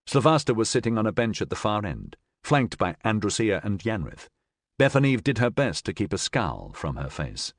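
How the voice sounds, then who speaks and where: A man reading a science fiction audiobook as narrator, in an expressive, even-paced style on a close mic. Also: fairly low pitch, normal speed, dry recording. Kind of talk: scripted narration.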